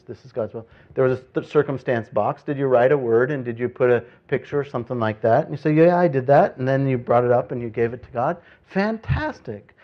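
Muffled pastor preaching conversationally. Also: male voice, medium pitch. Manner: conversational preaching with sudden loud emphasis and quiet asides. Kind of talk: sermon.

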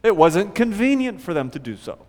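A male pastor preaching an animated sermon, acting out panicked prayers along the way. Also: high-pitched, brisk, long reverb tail.

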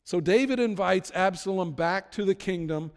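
His voice is high and clean, moving at a normal speed. The man retells a sermon story conversationally, sometimes performing the characters' quotes, and the recording carries a long hall reverb.

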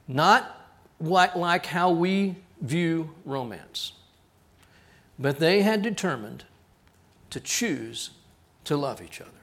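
A male pastor preaches from the pulpit and tells a story with plenty of animation, slipping into the voices of the people in it. His voice sits high for a man. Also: fairly bright tone. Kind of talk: sermon storytelling. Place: church.

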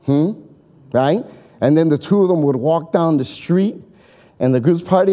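Preaching briskly in a fairly high voice with a dark tone, a pastor tells a story in a conversational style. He performs the characters' voices and often checks in with the congregation.

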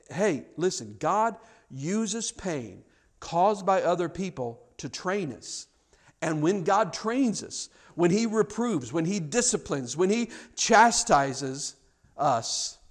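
A pastor gives a conversational sermon, often repeating words as he goes. He swings between hushed, low passages and loud, excited ones.

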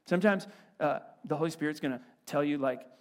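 A man preaching a sermon as a pastor in a church, animated and conversational with playful asides. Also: on the high side, brisk.

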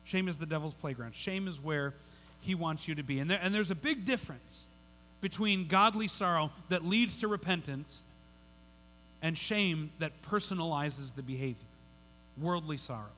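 A man's voice: a little high, normal speed, sharp tone, slight background noise. A male pastor preaching a sermon in a conversational way, often repeating words and restarting his sentences. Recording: long hall reverb.

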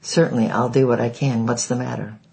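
A man's voice: mid-range voice, steady tone, a little fast, vocal fry, a little mellow, natural voice, poor audio. A man reading aloud, voicing a stiff, defensive minister in his own voice. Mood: polite, puzzled. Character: indignant, cold-hearted minister, a grown man.

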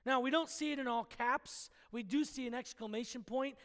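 A man's voice: very high voice, normal speed, a bit bright, big-room sound. A man preaching a sermon in an emphatic, conversational way, asking his listeners questions directly.

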